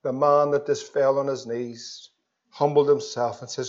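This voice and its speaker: A man preaching an evangelistic sermon, swinging between loud pleas and hushed tones. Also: medium pitch, level tone, measured pace. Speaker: pastor. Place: church. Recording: dull lo-fi sermon recording.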